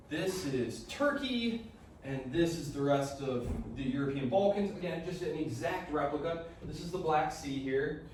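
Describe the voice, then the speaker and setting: A man giving a casual history lecture in a classroom, joking and acting out countries in quick asides. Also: a little high, darkish tone, slight background noise. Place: lecture hall. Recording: very echoey hall, recorded from a distance.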